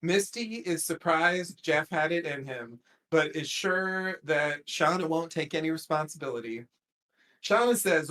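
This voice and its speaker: A podcast host talks through a TV episode at an unhurried, drawn-out pace, circling back with fillers and side comments. The delivery is loose and conversational, a casual recap among friends. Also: mid-range voice, fairly bright tone. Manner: rambling, many fillers and trailing asides.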